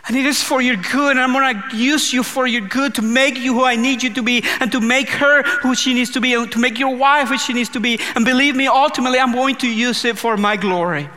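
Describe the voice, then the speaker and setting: A man's voice: very high-pitched, fairly even intonation, fairly quick, hardly any pauses, sharp tone, in a large hall, voice pushed up. A man voicing God the Father, who reassures with earnest emphasis. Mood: reassuring. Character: God the Father, gentle and assuring.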